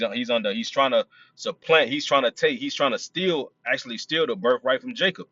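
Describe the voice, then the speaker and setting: A man leading a Bible study. He reads verses slowly, then breaks off to explain them in loose, casual talk full of fillers. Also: medium pitch, a bit bright, no echo, dull audio. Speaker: preacher.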